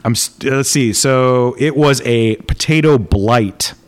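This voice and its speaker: Wisecracking male radio co-host. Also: mid-range voice. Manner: wisecracking, quick with jokes and laughs. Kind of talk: casual talk radio banter.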